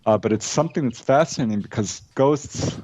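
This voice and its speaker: A man's voice: mid-range voice, a little fast, a little mellow, dry recording. A man answering in an interview, thoughtful and musing. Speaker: guest author. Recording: dull lo-fi line.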